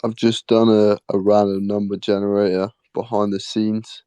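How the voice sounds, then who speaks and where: Low, dark, dry-voiced man. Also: flat delivery, normal speed, smooth, dry recording. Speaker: guest announcing a giveaway winner.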